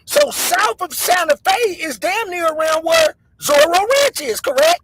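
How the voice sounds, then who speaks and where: A man hosting a show, telling stories in an excitable, animated way and talking straight to his viewers. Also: very high-pitched, a little slow, creaky, slight background noise, low-quality recording. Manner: excitable, calls the audience "y'all" and "gang". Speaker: host.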